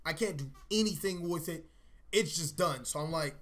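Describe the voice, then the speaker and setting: A young man hosting a vlog, telling a personal story in a casual, animated way, swearing and acting out his own reactions. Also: a little high, normal speed. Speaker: channel host.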